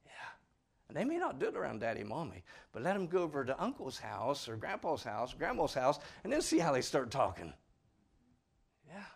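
A man preaching a sermon in a folksy, earnest way, swinging from loud stressed words to quiet asides. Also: mid-range voice, huge pitch swings, fairly quick, gravelly, slightly rough. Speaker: father.

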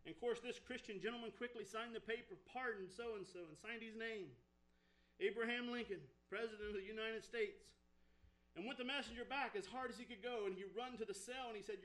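A man's voice: high-pitched, brisk, fairly bright tone, rough recording. A man preaching a sermon, telling a folksy story and building to fervent exhortation.

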